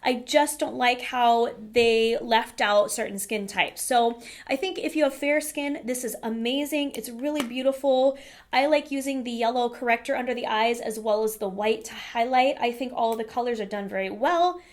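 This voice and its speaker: A woman's voice: fairly high pitch, normal speed. A woman vlogger talking to camera in a casual, candid makeup review, chatty with frequent fillers.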